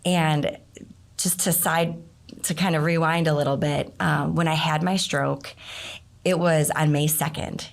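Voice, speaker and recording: A middle-aged woman, a guest in an interview, telling a personal story in a casual, animated way, her voice leaping up when she acts out what people said. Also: low voice, measured pace, vocal fry. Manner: animated storyteller, voice jumps up for quoted outbursts. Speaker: interview guest, nonprofit founder.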